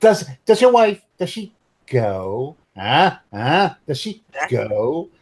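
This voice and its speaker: A man's voice: a little high, big pitch swings, takes it slowly, husky, pitched above the performer's own voice, heavily acted. A man putting on a leering British constable.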